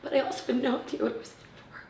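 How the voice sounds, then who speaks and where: A woman in her thirties telling an emotional personal story in an interview, acting out what others said and often dropping to a hushed near-whisper. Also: rapid-fire, slight background noise. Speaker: interviewee, mother of premature twins. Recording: roomy, from a distance.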